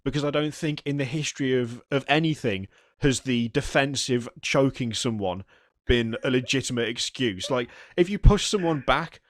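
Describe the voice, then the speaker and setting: A man co-hosts a casual podcast, retelling a story in a loose, rambling way full of restarts. His voice sits at an ordinary mid pitch, and the recording is dry and close. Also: moderate pace, no echo. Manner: rambling, self-interrupting storyteller with frequent ums. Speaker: podcast co-host. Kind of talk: casual chat.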